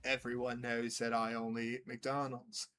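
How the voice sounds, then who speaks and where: A man doing an impression of a pompous, demanding older boss in a lower, grumbling voice. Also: flat delivery, moderate pace, a bit bright, faint music behind, natural voice. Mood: haughty. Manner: low, grumbling, self-important.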